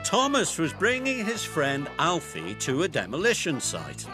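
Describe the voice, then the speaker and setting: Slow, expressive storybook narrator. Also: male voice, fairly high pitch. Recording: narration with music underneath.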